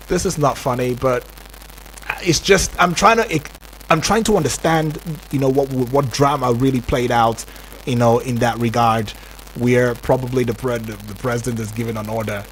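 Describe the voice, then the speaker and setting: A man with a Nigerian accent hosting a radio talk show, animated and acting out the voices he quotes. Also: medium pitch, moderate pace, a little hiss or hum. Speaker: radio host.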